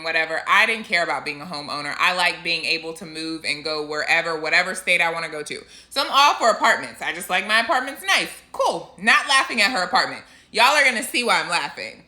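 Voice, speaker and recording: A woman telling a story in a casual vlog. She is animated and laughs often as she goes. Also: medium pitch. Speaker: Christian vlogger.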